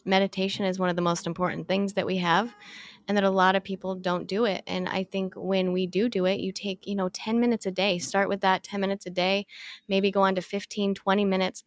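A woman's voice: medium pitch, no room sound, studio quality. A woman guest in a casual podcast conversation, talking with enthusiasm and repeating phrases for emphasis.

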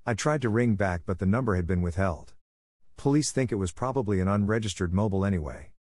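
A man reading as a brisk, businesslike estate manager. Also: lowish voice, darkish tone, dry recording, clean studio sound, close to an everyday voice. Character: practical middle-aged man, exasperated estate manager.

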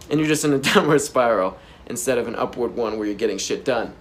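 A man ranting to camera as a motivational vlogger, blunt and profane, with sudden loud bursts. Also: medium pitch, quick pace. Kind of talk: unscripted motivational rant to camera. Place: indoors by a whiteboard. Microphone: camera framing him at a whiteboard.

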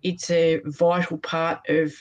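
Flat-toned conversational interview host. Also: mid-range voice, takes it slowly, highs cut off.

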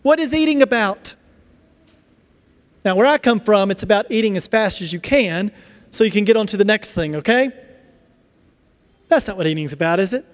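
Pastor guy giving a sermon, lively, acts out little back and forth bits, big hall echo. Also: high-pitched. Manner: animated, acts out little dialogues. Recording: long reverb of a large hall.

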